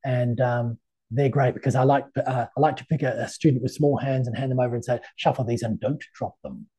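This middle-aged man, a tarot reader appearing as an interview guest, has a dark, medium-pitched voice that stays level as he talks at a quick clip. His casual conversation is chatty and anecdotal, sprinkled with fillers.

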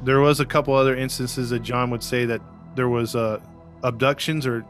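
A man's voice: medium pitch, fairly even intonation, moderate pace, soft background music. A man hosting a casual true-crime podcast, chatty and fond of acting out quotes in put-on voices. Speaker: podcast host.

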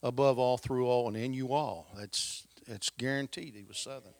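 A man preaching a lively sermon in a folksy, emphatic way, swinging between loud stresses and quiet asides. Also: medium pitch, moderate pace, dry recording.

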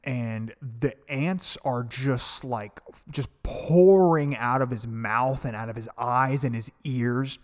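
A man's voice: medium pitch, slow pace, few pauses, long reverb tail. A man co-hosting a podcast, casually retelling a horror film scene by scene, acting out characters' lines in a loose, profane way. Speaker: podcast co-host. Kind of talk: casual film recap chat.

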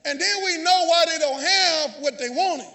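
A man preaching a sermon as pastor, calling out to the congregation and often shouting. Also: extremely high pitch, moderate pace. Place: church sanctuary. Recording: long church hall reverb.

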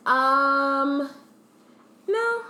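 A woman with a fairly high, lively voice co-hosts a podcast and chats playfully, cutting in with quick remarks. The room around her is echoey. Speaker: podcast co-host. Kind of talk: casual chat.

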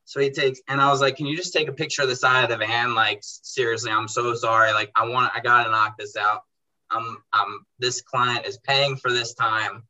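A young man with an intensely bright, tense voice at an average pitch. He chats casually and animatedly about his detailing business. He acts out each exchange in quotes, with a bro here and there. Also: fairly even intonation, moderate pace, dull audio. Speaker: car detailing business owner. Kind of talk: casual storytelling in a podcast chat.

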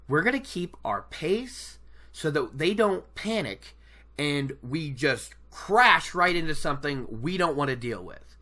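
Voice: mid-range voice, expressive, unhurried, bright, forceful tone. A reader voicing a clever, composed woman mage who argues her point with questions. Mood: reasoning. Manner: reasoned, questioning.

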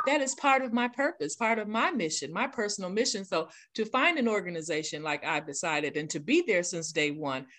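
A retired woman educator co-hosting a casual chat, speaking in a heartfelt, expressive way. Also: lowish voice, a little fast, hardly any pauses. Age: older. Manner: expressive, heartfelt, laughs easily. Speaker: retired educator, podcast co-host.

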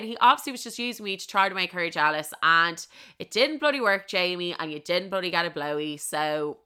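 A woman's voice: on the low side, fairly quick, pushed and bright, smooth. A young Irish woman tells a funny personal story with lots of swearing and dramatic emphasis. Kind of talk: comedic storytelling.

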